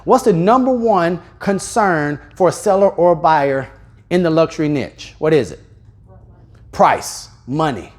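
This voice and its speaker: A man leading a live sales seminar in a training room, addressing the audience with questions and deliberately speeding up, slowing down, and shifting his volume. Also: on the high side. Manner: energetic, speeds up and slows down, louder and softer on purpose. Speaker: real estate sales trainer.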